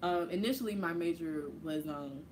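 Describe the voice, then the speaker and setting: A woman's voice: on the low side, moderate pace, a little hiss or hum, rough recording. Laughing Southern woman telling stories. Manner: storytelling, laughs often, slips into impressions. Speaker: guest. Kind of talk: casual podcast chat.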